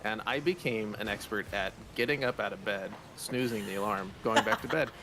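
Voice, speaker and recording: A man's voice: on the low side, a little fast, sharp tone, slight background noise. A man co-hosting a morning radio show, telling a rambling, self-deprecating story. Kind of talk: casual storytelling.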